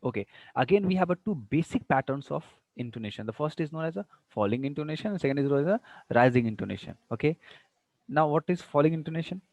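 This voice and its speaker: A man's voice: fairly high pitch, animated, quick pace, gravelly, darkish tone, highs cut off, a little hiss or hum. A man with an Indian English accent teaching an English class online. He explains patiently and acts out each example sentence with exaggerated rises and falls, slipping into Hindi now and then. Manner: slips into Hindi asides.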